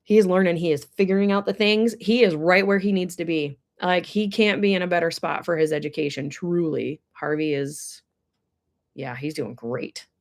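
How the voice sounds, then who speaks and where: A woman's voice: fairly low pitch, normal speed. Woman host, casual livestream chat, emotional and teary, talks to viewers by name. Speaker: horse ranch livestreamer. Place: indoors with air blowing.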